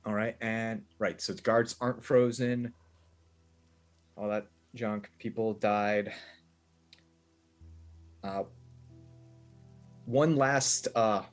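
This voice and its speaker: A man playing a tabletop game, narrating events in a halting way with fillers. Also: lowish voice. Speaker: player.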